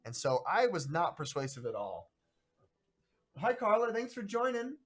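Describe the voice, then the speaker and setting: A man hosting a live stream of a solo tabletop adventure, chatting casually in a rambling, halting way. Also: high-pitched, big pitch swings, fairly bright tone. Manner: rambling, halting, greets viewers by name.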